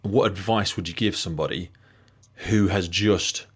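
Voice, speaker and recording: A man's voice: low voice, normal speed, breathy edge. A man in his thirties from the UK hosting a podcast, asking long, thoughtful, winding questions. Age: 30s. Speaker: podcast host. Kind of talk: podcast interview.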